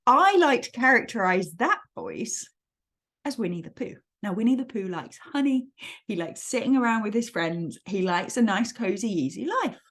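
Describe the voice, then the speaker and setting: A woman hosting a solo coaching podcast, explaining ideas in an animated, expressive, friendly way. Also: medium pitch, moderate pace. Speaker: academic life coach host.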